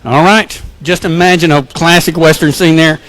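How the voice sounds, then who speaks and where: A man's voice: on the high side, fairly even intonation, moderate pace, fairly bright tone, no echo. Joking self-deprecating male pastor. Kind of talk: sermon with personal stories.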